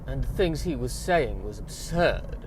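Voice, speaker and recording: A man voicing a fragile, genteel Southern belle woman with a Southern US accent, speaking slowly and theatrically. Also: mid-range voice, lively intonation, background noise, lightly acted. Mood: indignant. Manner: slow, languid, theatrical.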